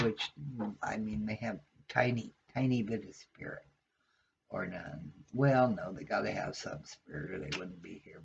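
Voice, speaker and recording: A man's voice: medium pitch, gravelly, highs cut off, noisy background. A man rambling and musing aloud as he reads tarot cards at home, talking to spirit between draws. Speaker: tarot card reader. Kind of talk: casual rambling card reading.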